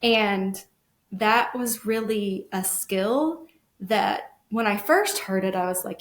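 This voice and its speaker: A middle-aged woman, a guest parent, telling her experiences in an earnest, animated way in a casual podcast chat. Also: mid-range voice, takes it slowly. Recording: echoey room.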